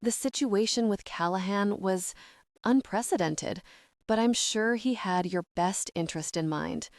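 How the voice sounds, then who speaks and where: A woman voicing an affectionate middle-aged mother who speaks in a gentle, reassuring way. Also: mid-range voice, measured pace, dry recording, clean studio sound, natural voice. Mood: tender reassurance.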